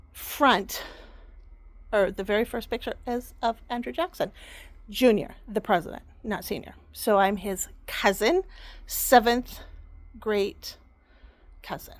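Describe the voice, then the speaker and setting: Rambling, chatty woman vlogger. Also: fairly high pitch. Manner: rambling, self-correcting, fond and chatty. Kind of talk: casual family storytelling.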